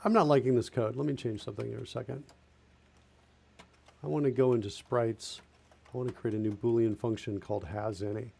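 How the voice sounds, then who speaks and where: A man's voice: medium pitch, steady tone, a little fast, vocal fry, pauses often, darkish tone. A man streaming a live coding session, thinking aloud as he types and corrects himself. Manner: thinking aloud while typing, self-correcting. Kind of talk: casual live-coding narration.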